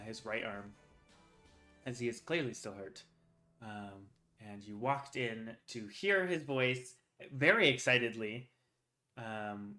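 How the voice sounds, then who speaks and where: Guy running a dnd game, bright voice, lots of ums, soft music under. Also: medium pitch. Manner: halting, lots of ums and likes. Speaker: game master. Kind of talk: narrating a tabletop game.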